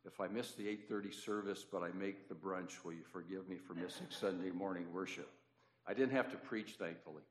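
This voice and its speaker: Low-voiced male preacher, storytelling sermon, long hall reverb. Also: fairly quick. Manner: storytelling, swings from loud to hushed. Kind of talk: sermon with personal stories.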